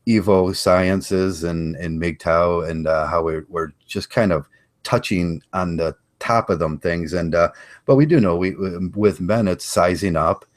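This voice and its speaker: A man hosting a casual interview podcast, speaking haltingly and often repeating words as he searches for what to say. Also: low-pitched, no room sound, clean studio sound. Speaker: podcast host.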